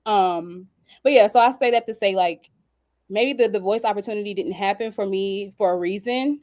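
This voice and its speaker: A young woman, a singer and songwriter, telling a story in a casual interview, animated and laughing often. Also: medium pitch, moderate pace. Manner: animated, squeals when acting out quoted dialogue.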